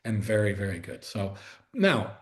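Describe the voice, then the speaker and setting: A middle-aged actor appears as a guest on a video call for a casual interview chat, speaking at a normal speed in a lowish, sing-song voice. He keeps restarting and interrupting himself, growing more enthusiastic as he goes.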